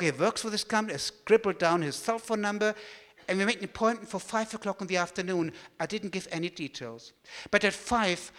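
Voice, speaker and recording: German man, high voice, animated storyteller at a talk, large echoing hall. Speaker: speaker giving a talk.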